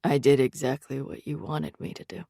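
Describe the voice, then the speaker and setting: A woman voicing an unsettled young man who speaks in a slow, detached, quiet manner, in an audiobook. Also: extremely low pitch, expressive, vocal fry, dry recording, studio quality, pitched below the performer's own voice, heavily acted. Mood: detached, eerie.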